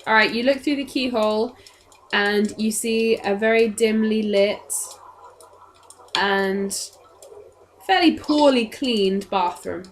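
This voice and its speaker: A woman running a tabletop game as dungeon master, setting scenes in an unhurried, descriptive way. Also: mid-range voice, slight background noise.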